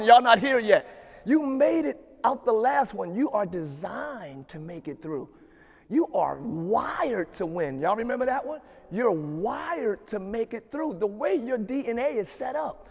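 High-voiced pastor preaching in a reverberant hall. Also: male voice. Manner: preaches with rising shouted emphasis and repeated refrains. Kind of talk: sermon. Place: church sanctuary.

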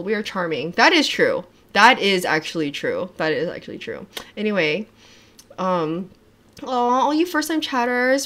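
A young woman hosts a casual livestream from home, talking straight to her viewers. She gushes and gets excitable, with frequent swearing and many half-finished sentences she restarts. Her voice sits at an ordinary middle pitch for a woman. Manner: gushing, excitable, swears often, trails off and restarts. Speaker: livestreamer reacting to music videos.

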